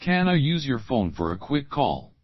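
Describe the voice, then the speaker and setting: A male teacher reads practice questions aloud, first the opening words and then the full question. His pitch moves a lot from line to line. The recording is dry and close, with a slightly muffled tone. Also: very animated, no room sound. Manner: slow, clear drill reading, repeating each opening phrase. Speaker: English teacher. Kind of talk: reading example questions for learners.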